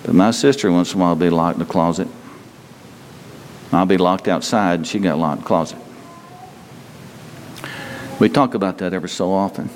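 A man's voice: deep voice, brisk, pauses often, slight background noise. Man preaching in a reverberant hall. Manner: animated storytelling, jumping between loud and quiet. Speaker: pastor. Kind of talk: sermon.

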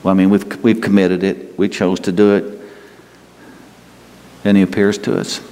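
A man preaching a sermon in a conversational way, asking his listeners questions and leaving pauses. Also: low voice, flat delivery, dark tone, a little hiss or hum. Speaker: pastor. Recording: long hall reverb.

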